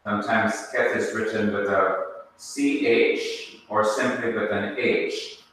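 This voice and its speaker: A man teaching a Hebrew class, explaining slowly and step by step. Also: fairly low pitch, steady tone, a bit bright, a little hiss or hum. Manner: slow, explains step by step, spells things out. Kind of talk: classroom lesson. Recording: echoey hall, speaker far from mic.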